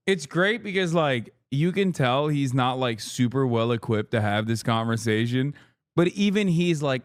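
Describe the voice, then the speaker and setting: A man in his thirties reacting to a clip on a live stream, talking fast and swearing freely. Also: mid-range voice, no echo, studio quality. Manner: animated, profane, bursts of loud laughter. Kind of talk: casual live-stream commentary.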